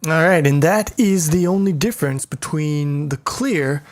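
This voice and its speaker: A man's voice: fairly high pitch, measured pace. A man walks through a programming lesson in a loose, casual way. He thinks aloud, stumbles through restarts and throws in crude jokes along the way. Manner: irreverent, joking, profane asides. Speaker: programming teacher. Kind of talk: casual coding tutorial.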